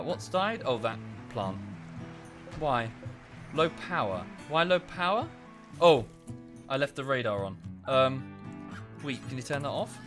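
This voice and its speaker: A man's voice: medium pitch, a bit bright. A man chatting casually while live-streaming a game at home, often thinking aloud and thanking viewers. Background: background music.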